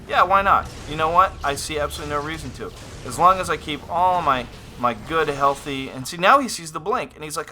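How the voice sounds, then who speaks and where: A man casting a strategy game replay on his own, excitable and thinking aloud, often repeating his phrases. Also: mid-range voice, a little hiss or hum. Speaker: game caster. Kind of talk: solo esports commentary over a replay.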